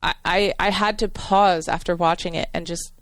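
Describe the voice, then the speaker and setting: Soft-toned woman retelling a show, rambling. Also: fairly low pitch, steady tone, normal speed, dry recording. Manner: rambling, heartfelt retelling with many fillers. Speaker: podcast co-host. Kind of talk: casual chat.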